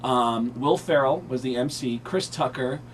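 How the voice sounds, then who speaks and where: A man's voice: mid-range voice, unhurried, slight background noise. A man in his thirties, a comedian being interviewed on radio, telling stories in a chatty, breezy way with lots of fillers. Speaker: comedian guest.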